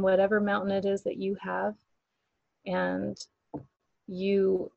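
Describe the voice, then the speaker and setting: A woman's voice: mid-range voice, flat delivery, unhurried, gravelly, a little mellow, no room sound. A woman co-hosting a casual chat, speaking reflectively and laughing often.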